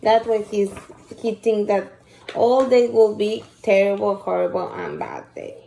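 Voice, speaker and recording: A woman teacher, reading a picture book aloud and asking children questions in a slow, patient way. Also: mid-range voice, fairly even intonation, gravelly, dark tone, reverberant, slight background noise. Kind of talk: shared reading lesson for children.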